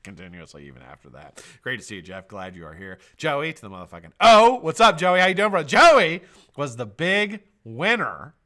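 A middle-aged man hosting a live stream, greeting viewers by name with loud shout-outs, swearing and joking. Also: fairly high pitch, sing-song, moderate pace. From United States. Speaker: host.

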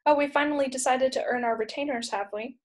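A woman voicing a gruff, short-tempered male fairy police commander in a storybook read-aloud, blunt and sarcastic. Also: high-pitched, steady tone, fast, natural voice.

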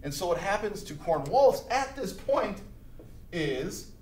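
A man teaching high school history in a casual, chatty lecture, acting out historical figures as he goes. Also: sing-song, measured pace, a little mellow, slight background noise. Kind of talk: recorded classroom lecture. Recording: echoey room recording.

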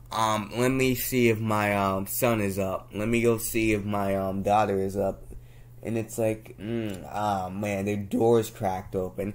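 Young man venting in a casual rant. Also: lowish voice. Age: young adult. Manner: venting, frustrated, with sudden loud outbursts; slangy, repeats himself, laughs at his own jokes. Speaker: vlogger. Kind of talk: casual ranting monologue.

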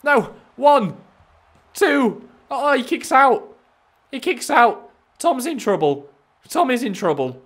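A young man giving cheeky, excitable live commentary over a wrestling video game, often talking straight at the screen. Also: very high-pitched, slow, long pauses. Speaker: gaming YouTuber.

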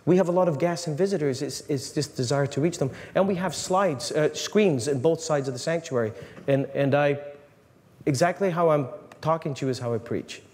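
A man, a priest, giving an animated, joking talk to a live audience, often restarting his sentences. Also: on the high side. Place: large hall. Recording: long reverb in a hall, faint room noise.

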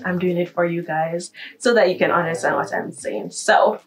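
A woman's voice: on the low side, normal speed, recorded from a distance, a crowd in the background, rough recording. A young woman with a Jamaican accent, chatting upbeat in a casual accent-tag vlog. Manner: chatty and upbeat, switching into patois. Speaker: vlogger.

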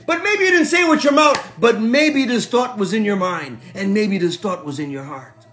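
A male pastor preaching a sermon, swinging from soft and slow to shouting and repeating phrases for emphasis. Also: sits high, expressive.

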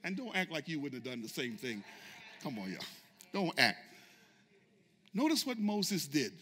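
A man preaching a sermon, swinging from loud shouts to quiet asides and calling on the congregation to respond. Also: a little high, very animated, normal speed, long pauses, husky. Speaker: pastor. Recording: long reverb of a large hall.

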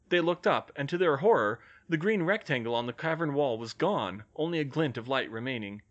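A man reading fan fiction aloud as an audiobook, with measured storytelling. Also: medium pitch, animated, dull audio. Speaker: audiobook reader.

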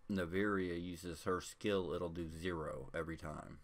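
Low-voiced man with the hiccups. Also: measured pace. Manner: relaxed, chatty, with small hiccups between phrases. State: has the hiccups. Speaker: gameplay commentator. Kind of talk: casual game commentary. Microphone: desk microphone.

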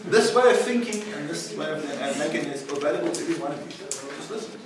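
A man's voice: on the high side, lively intonation, slow pace, long pauses, noisy background. A man, a pastor, preaching informally to a group at a recovery centre, laughing often and firing rhetorical questions at the room. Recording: echoey room, voice from far off the mic.

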